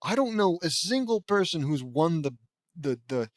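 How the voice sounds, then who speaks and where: A man reading a fanfic aloud with comedic commentary, exasperated and animated, his voice a little worn. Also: a little high, moderate pace, no room sound. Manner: exasperated, animated, laughing asides. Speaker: reader and commentator.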